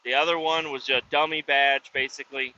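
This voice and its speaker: A man's voice: mid-range voice, fairly even intonation, brisk, sharp tone, a little hiss or hum. A man who works roadside service, telling rambling, profane stories in a casual vlog. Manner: profane, loose, drifting between stories. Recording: dull lo-fi sound with faint background ambience.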